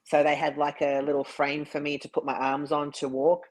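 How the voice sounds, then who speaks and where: A man's voice: on the high side, completely flat delivery, moderate pace, low-quality recording. Earnest man telling his story. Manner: earnest, repeats words when stressed. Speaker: interview guest, bodybuilder. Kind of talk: casual interview storytelling.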